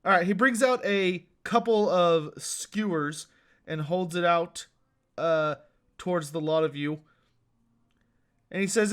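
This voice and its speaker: A man's voice: sits high, slow pace, long pauses, a bit bright, smooth. A man running a tabletop game as game master, narrating with lots of hesitation and fillers.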